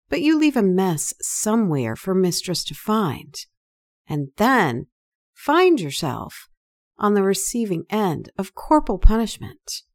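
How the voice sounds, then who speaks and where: A woman narrating an erotic story in a slow, deliberate reading voice. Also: medium pitch, a little mellow.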